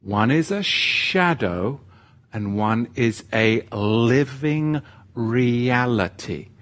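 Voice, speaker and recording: A man's voice: medium pitch, lively intonation, extremely slow, a bit bright. A man giving an earnest sermon-style teaching. He repeats key phrases and tells stories along the way. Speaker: Bible teacher.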